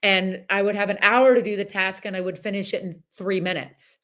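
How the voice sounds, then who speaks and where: A middle-aged woman hosting a podcast, talking in a chatty, animated way with many asides and restarts as she gives a casual motivational talk. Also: medium pitch, fairly quick. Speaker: podcast host.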